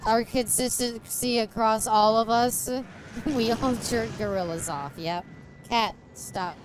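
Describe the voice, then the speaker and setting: A woman's voice: a little high, takes it slowly, background noise. A woman streaming a game, chatting casually in a giggly, rambling way and making crude jokes. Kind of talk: casual gameplay chat.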